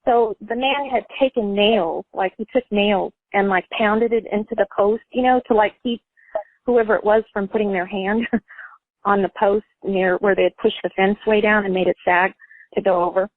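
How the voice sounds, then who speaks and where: A woman's voice: mid-range voice, steady tone, moderate pace, no echo. A woman calls in over a thin, tinny phone line and tells a personal story, wandering from point to point. She leans on "like" and "you know" in nearly every phrase. The sound is dry, with no room around her. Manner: rambling, full of fillers and "like". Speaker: caller.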